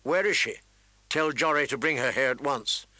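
A man's voice: medium pitch, moderate pace, bright, forceful tone, no room sound, natural voice. A man voicing a stern, weary middle-aged lord who speaks in a grave, clipped way. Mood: urgent.

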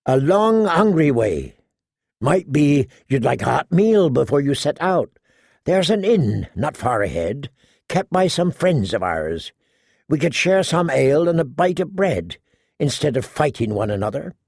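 A man's voice: fairly high pitch, sing-song, a little slow, gravelly, darkish tone, no echo, clean studio sound, full character voice. A man playing a wry middle-aged outlaw minstrel who talks in an easygoing, coaxing drawl.

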